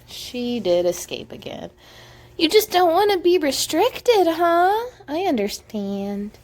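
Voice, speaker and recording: A woman's voice: sits high, sing-song, slow pace, a little mellow. Giggly young mother doing baby talk. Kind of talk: casual home vlog, talking to her baby and viewers.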